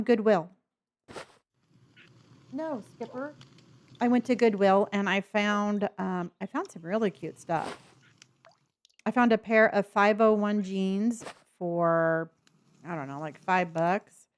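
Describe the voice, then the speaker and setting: A woman from California, with a faint Southern lilt in her otherwise neutral accent, chatting casually with viewers on a live stream. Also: medium pitch. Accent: slight Southern lilt mixed with neutral Californian. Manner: chatty and friendly, talks to pets and chat.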